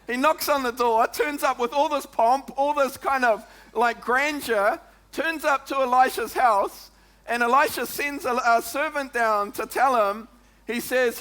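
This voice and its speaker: A New Zealand man preaching, his voice sitting very high and ringing bright and forceful. He talks to his congregation in a lively, chatty way, tossing in "come on" and "eh?" as he goes. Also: measured pace. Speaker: pastor. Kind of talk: sermon.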